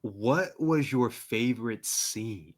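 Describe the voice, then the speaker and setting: A man's voice: mid-range voice, expressive, slow pace. A man hosting a casual TV recap podcast, upbeat and prompting his guest with questions. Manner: upbeat, reads plot summaries and prompts guest. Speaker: podcast host.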